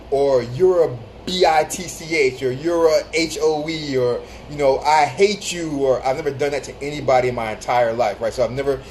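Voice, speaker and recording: A man's voice: on the high side, a little hiss or hum. A man hosting a casual livestream on his phone, telling stories animatedly, laughing often and greeting viewers. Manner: laughs often while talking, animated storytelling; reads out and greets viewer comments. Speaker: livestream host.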